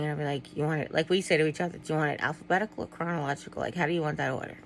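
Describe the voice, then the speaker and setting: Talking very fast in a low, steady voice, a middle-aged woman shares a personal vlog with her viewers, candidly rambling, losing her thread and starting over, sometimes near tears. The low-quality recording carries slight hiss or hum.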